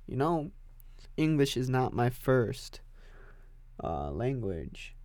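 A man hosting an unscripted solo podcast, rambling crudely and cursing, with loud sudden outbursts. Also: medium pitch, sing-song, slow. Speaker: podcast host.

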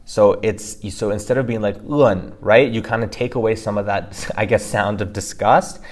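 A man's voice: on the low side, fairly even intonation, normal speed. A man co-hosting a casual podcast lesson, explaining pronunciation and often checking in with "right?". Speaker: co-host teaching pronunciation.

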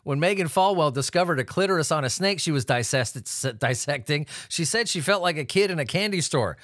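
A man's voice: fairly high pitch, animated, fairly quick, fairly bright tone, dry recording, clean studio sound. A man hosting a comedic news commentary, swearing, laughing and making sarcastic asides. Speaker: host.

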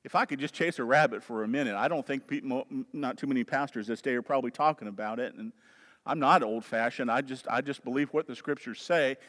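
A pastor with a Southern US accent preaching a sermon, swinging between loud urging and quiet low asides. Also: male voice, fast. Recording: long hall reverb.

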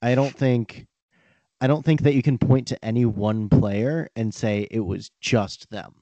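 Dude on a podcast, mellow voice, dry teasing humor, kinda dull sound. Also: male voice, medium pitch, fairly even intonation, measured pace, no echo. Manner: wry, teasing, swears casually. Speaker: podcast co-host. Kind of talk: casual chat.

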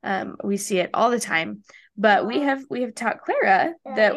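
A young woman, a mother, talking casually about raising her toddler, relaxed and conversational. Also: medium pitch, moderate pace, crowd noise. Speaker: guest parent. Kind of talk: casual chat.

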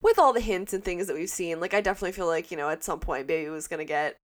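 Woman, lowish voice, gushing, laughs a lot, casual chat. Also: very fast. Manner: gushing, laughs often, quotes scenes in voices. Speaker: podcast co-host.

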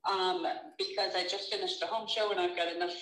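A woman answering a sales call, polite and measured. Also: lowish voice, steady tone, a bit bright, reverberant, poor audio. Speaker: call recipient. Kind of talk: phone conversation.

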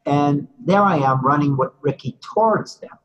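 A man's voice: a little high, normal speed, a bit bright, dull audio. An older man being interviewed who tells a story in a rambling, casual way, full of "you know" asides.

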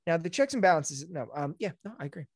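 A podcast co-host in casual conversation. Jokes often and halts through many fillers and repeats. The sound is dry and close, at a middling pitch. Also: sing-song, no room sound. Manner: joking, halting with many fillers. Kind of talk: casual chat.

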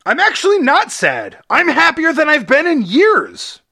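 A man's voice: very high-pitched, wildly swooping pitch, measured pace, creaky, pushed and bright. A young adult man hosting a comedic solo podcast, upbeat, playful and goofy. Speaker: podcast host.

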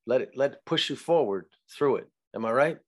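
A man speaking as a podcast guest in casual conversation, reflective and halting, often restarting his sentences. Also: medium pitch, animated. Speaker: actor guest.

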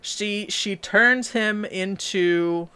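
Bright-voiced woman recapping a movie. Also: mid-range voice, drawn-out words, smooth. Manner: animated storytelling, quotes characters in voices. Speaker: podcast co-host. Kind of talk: casual movie recap chat.

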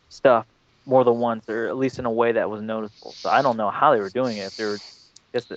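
A man's voice: mid-range voice, no room sound, highs cut off. A man co-hosting a gaming podcast, talking in a thoughtful, rambling way with lots of fillers. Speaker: podcast co-host. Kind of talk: casual gaming podcast chat.

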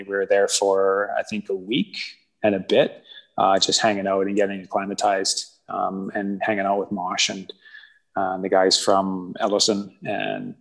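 Low flat voice, guy rambling about old tours, lots of ums. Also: low-quality recording. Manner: relaxed, rambling, lots of fillers. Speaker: band member recalling tours. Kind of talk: casual reminiscing.

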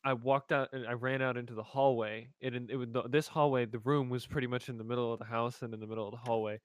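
Man haltingly telling a ghost story. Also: mid-range voice, fairly even intonation, smooth, dry recording.

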